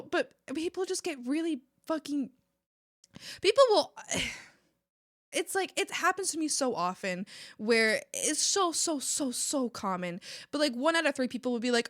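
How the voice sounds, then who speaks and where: A young woman from Mexico chatting casually on an art stream, animated and ranting, laughing often and swearing casually. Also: sits high, a little slow, dry recording, studio quality. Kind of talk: casual live-stream chat.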